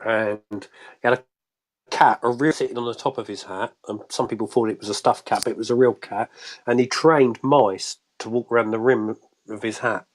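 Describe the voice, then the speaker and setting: A man's voice: mid-range voice, steady tone, normal speed. A man joining a live online show as a guest by phone, talking in a rambling, chatty way with many restarts. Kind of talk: casual chat on a live show.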